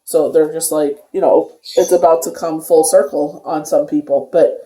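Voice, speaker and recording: A tarot reader talks through a casual daily card reading in a warm, mellow voice that keeps looping back with loose filler phrases. The sound carries a noticeable room echo around the voice. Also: medium pitch, steady tone, normal speed. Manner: rambling, filler-heavy talk with many "you know"s. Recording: echoey room.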